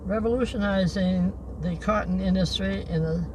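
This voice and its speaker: An older man hosting a livestream outdoors by the beach, reading historical notes in a halting way and slowing down on names. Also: sits high. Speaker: livestream host. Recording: noisy outdoor recording.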